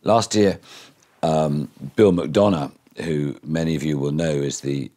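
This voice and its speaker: Very deep, husky older man speaking. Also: fairly even intonation, measured pace, dark tone. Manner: reflective, wry, many fillers and restarts. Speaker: keynote speaker. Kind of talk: keynote speech.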